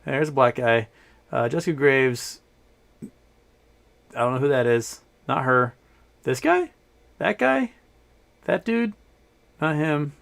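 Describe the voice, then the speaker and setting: A man's voice: mid-range voice, lively intonation, slow, gravelly, pauses often, fairly bright tone. Rambling man hosting a live stream. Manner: rambling, reading chat aloud, laughs often. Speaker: livestream host. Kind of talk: casual live-stream chat.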